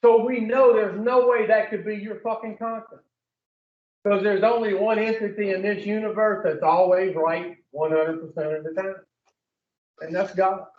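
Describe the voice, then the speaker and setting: High-voiced man preaching bluntly in an echoey room. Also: level tone, normal speed. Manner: blunt and profane, peppers the group with questions. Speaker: addiction recovery speaker. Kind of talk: preaching-style group talk. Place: room with a group. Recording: echoey room, distant muffled mic.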